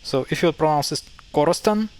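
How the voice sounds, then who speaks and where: A man's voice: on the high side, fast, clear, resonant tone. Hesitant man explaining pronunciation. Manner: hesitant, many fillers and self-corrections. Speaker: language teacher. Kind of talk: casual explanatory lesson.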